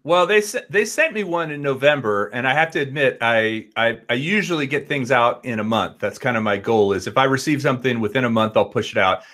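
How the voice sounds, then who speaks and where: A man's voice: mid-range voice, fairly quick, hardly any pauses, fairly bright tone. A man as a guest on a casual live chat show, talking in a chatty, friendly way.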